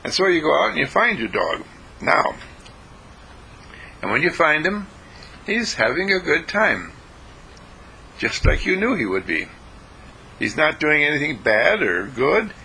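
A man giving a short daily inspirational talk as a university dean, telling a story, often chuckling and clearing his throat. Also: on the high side, bright, forceful tone, slight background noise, poor audio.

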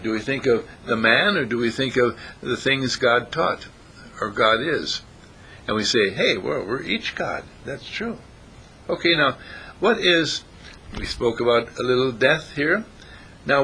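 A man's medium-pitched voice comes across pushed and bright, with a slight hiss or hum in the recording. As a spiritual teacher giving a relaxed talk to a small group, he asks his listeners questions and chuckles a lot.

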